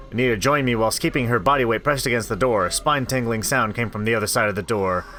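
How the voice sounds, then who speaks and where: A man reading a horror visual novel aloud, reacting and joking between lines, into a desktop microphone. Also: medium pitch. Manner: expressive, reacts aloud, swears. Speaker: let's play host.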